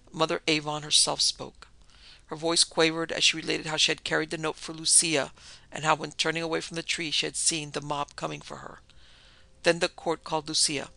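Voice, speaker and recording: A man narrating a story with a steady, dramatic reading. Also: fairly high pitch, creaky, no echo.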